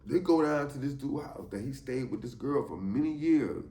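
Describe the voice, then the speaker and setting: A man telling a story from his time in jail, animated and emphatic, often asking "you know what I'm saying". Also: medium pitch, normal speed, echoey room. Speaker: storyteller, former inmate. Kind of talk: casual spoken storytelling.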